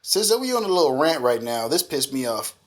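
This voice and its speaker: A man's voice: medium pitch, sing-song, a little fast. A man co-hosting a podcast, talking in casual, profane chat with a blunt, slangy, ranting delivery. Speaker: podcast co-host.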